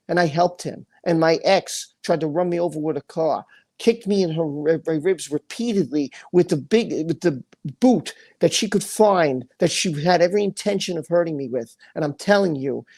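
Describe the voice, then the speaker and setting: A man's voice: fairly high pitch, a little mellow. Angry man ranting on a livestream. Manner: angry, impassioned, repeats phrases; reads chat comments aloud. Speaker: livestream host. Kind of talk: emotional livestream rant.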